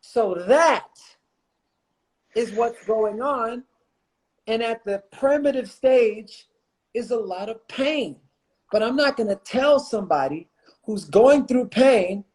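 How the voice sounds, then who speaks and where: A man's voice: very high voice, animated, takes it slowly, pauses often. A man speaking as a guest on a livestreamed interview, talking with passion and repeating phrases for emphasis. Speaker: guest, motivational speaker and coach. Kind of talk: impassioned conversation on a livestream. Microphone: phone or computer mic on a livestream.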